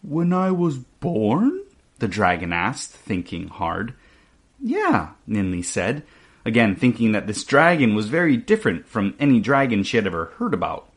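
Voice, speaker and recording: A man reading a children's chapter book aloud, with an expressive, animated delivery. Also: on the low side, moderate pace, breathy edge. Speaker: storyteller.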